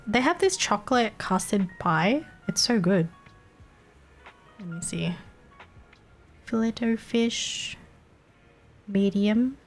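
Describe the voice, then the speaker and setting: Slow-talking Australian woman streamer. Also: medium pitch. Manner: giggly, chatty and swearing. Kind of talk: casual livestream chat.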